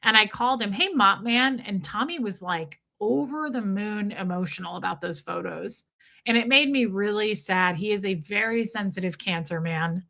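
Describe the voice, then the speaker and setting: A woman's voice: medium pitch, normal speed, vocal fry, sharp tone. A middle-aged woman hosting a casual livestream, chatty and emotional, greeting viewers by name as she tells a personal story. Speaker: livestream host.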